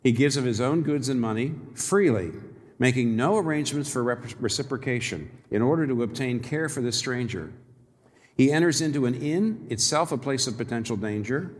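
A man preaching a sermon in an animated, wry way, often chuckling at his own irony. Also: mid-range voice, brisk, big-room sound.

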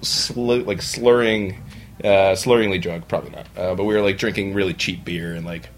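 A young adult man on a podcast, telling stories in a casual, animated way and acting out other people's lines. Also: sits low, normal speed. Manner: animated storyteller, acts out quoted voices. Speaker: bar owner, podcast guest. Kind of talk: casual storytelling chat. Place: podcast studio.

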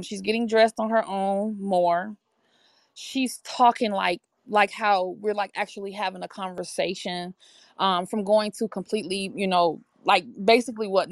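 Woman, eager and chatty, lots of "um" and "like", dry close sound, mid pitch. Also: dry recording. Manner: enthusiastic, chatty, many fillers. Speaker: interview guest, brand ambassador. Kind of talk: casual testimonial chat.

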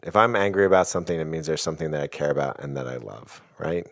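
A man's voice: very deep voice, animated, quick pace, a bit bright. A middle-aged man talking thoughtfully about emotions in a casual, filler-heavy way. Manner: thoughtful, uses many fillers like "like" and "you know". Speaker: guest speaker on emotions. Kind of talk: reflective casual talk.

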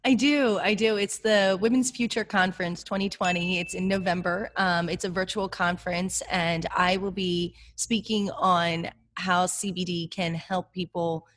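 Animated woman telling a story. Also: fairly low pitch, normal speed, few pauses. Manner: animated storyteller, acts out her own quotes. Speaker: podcast guest; speaker on CBD for women. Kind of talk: casual chat.

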